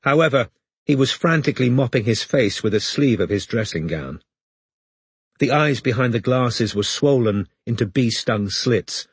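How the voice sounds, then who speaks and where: A man narrating an audiobook in a measured storytelling manner, close to the mic. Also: on the low side, breathy edge, dry recording.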